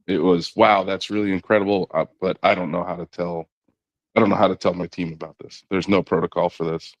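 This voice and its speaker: Man, very low voice, dry close sound, relaxed storytelling, middle-aged. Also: a little fast, dry recording, lo-fi sound. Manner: relaxed storyteller, quotes others in his own voice, frequent "you know" and restarts. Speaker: podcast guest, former knuckleball pitcher. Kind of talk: conversational storytelling interview.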